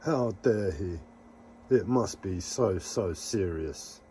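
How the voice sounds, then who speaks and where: A man live streaming a rambling, casual monologue to his viewers, halting often and talking to himself. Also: low voice, lively intonation, dark tone, a little hiss or hum. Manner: meandering, halting, talks to himself.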